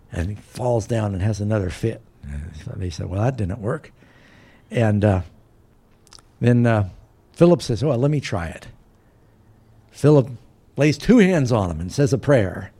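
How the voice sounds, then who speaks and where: A man's voice: medium pitch, creaky, warm tone. A man preaching a sermon, retelling a Bible story and briefly voicing its characters. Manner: storytelling, voicing biblical characters with varied emphasis.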